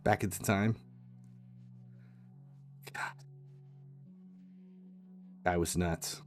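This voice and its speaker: A man in his forties tells a long personal story as he streams, rambling, doubling back and restarting his sentences. His voice sits slightly low. Soft music plays faintly behind him. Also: steady tone, extremely slow. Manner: rambling, many restarts and fillers. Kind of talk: casual storytelling.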